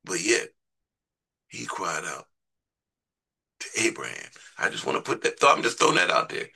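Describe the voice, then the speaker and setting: A man's voice: low voice, very animated, moderate pace, vocal fry, pushed and bright, breathy edge. A man preaching a sermon in a conversational way, repeating words and putting questions to his listeners.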